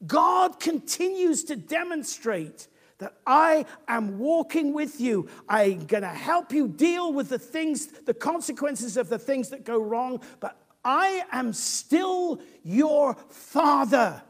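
A preacher putting on God, booming and fatherly. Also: big pitch swings, slow, heavily acted. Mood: reassuring.

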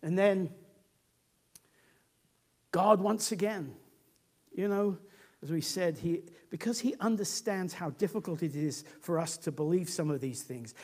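High-voiced man preaching a story. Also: darkish tone, slightly rough. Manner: conversational storytelling. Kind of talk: sermon.

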